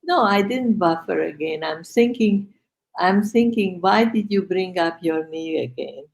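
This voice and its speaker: An older woman co-hosting a podcast over a video call from home, speaking in slow, hesitant casual chat with a dry, sarcastic edge. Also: fairly low pitch, expressive, gravelly, darkish tone. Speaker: podcast co-host.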